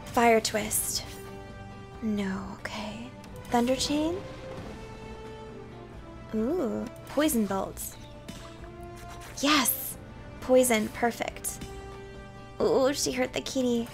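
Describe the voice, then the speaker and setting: A woman streaming a game, reading its text and dialogue aloud in a calm, soft-spoken manner. Her voice sits fairly high for a woman. Faint game music plays behind her. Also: extremely slow, creaky, pauses often.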